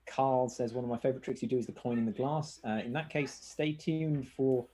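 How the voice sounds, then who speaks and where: A man's voice: mid-range voice, steady tone, warm tone, husky. A man co-hosting a live rewatch of his old magic show, reading viewer comments and chatting casually. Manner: quick, reads out viewer comments. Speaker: magician co-host.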